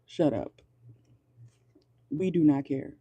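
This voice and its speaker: A sassy, fed-up house pet talks back in a dismissive, exasperated way, as a man puts it on. The voice is dark and mellow, a little quieter than his usual talk, and sounds close and dry. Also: on the high side, animated, takes it slowly, slightly rough, no echo, dull audio, heavily acted.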